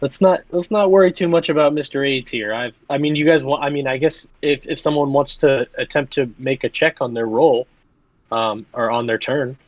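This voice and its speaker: A man's voice: medium pitch, moderate pace, dry recording, dull audio. Rambling young man running a tabletop game. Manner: rambling, many fillers and restarts. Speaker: game master. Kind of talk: casual game narration.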